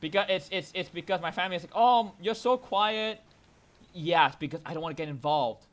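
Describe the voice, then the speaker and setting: Young man, bright voice, sweary rambling gamer chat, gets loud. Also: a little high, racing. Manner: rambling, swears a lot, many restarts, gets loud when ranting. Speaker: podcast co-host. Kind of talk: casual chat while gaming.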